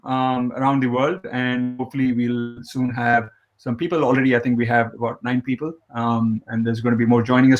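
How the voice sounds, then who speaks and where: A man's voice: mid-range voice, fairly even intonation, normal speed, few pauses. Male host of a live web chat, talkative, jokey, hesitant. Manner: chatty, joking, with many fillers and restarts. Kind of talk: live online interview.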